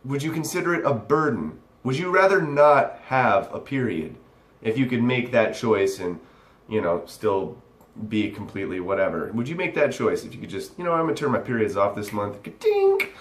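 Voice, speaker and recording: A man's voice: medium pitch, expressive, normal speed. A young man ranting sarcastically at a text he reads aloud, swearing often and rambling. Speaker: vlogger. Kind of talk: ranting commentary reacting to a text. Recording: echoey room.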